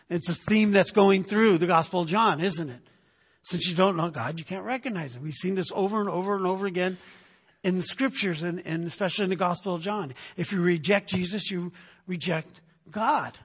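A man's voice: high-pitched, a little fast, breathy edge, big-room sound. A male pastor preaching a sermon, emphatic, often tagging his points with "right?".

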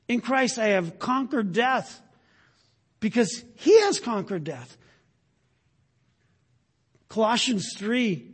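A man with a high, husky voice preaches a sermon. He moves from loud, emphatic lines down to quiet, breathy asides and slows right down to stress key words. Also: long reverb tail. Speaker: pastor.

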